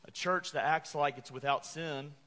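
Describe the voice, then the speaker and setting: A man's voice: on the high side, normal speed, bright, forceful tone. A man preaching a sermon as pastor, earnest and emphatic, stressing key words. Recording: church hall reverb.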